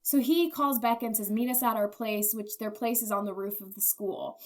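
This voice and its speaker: A woman's voice: medium pitch, fairly quick. A woman co-hosting a podcast, casually retelling a movie's plot and acting out the characters' lines. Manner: chatty, acts out characters' lines. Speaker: podcast co-host.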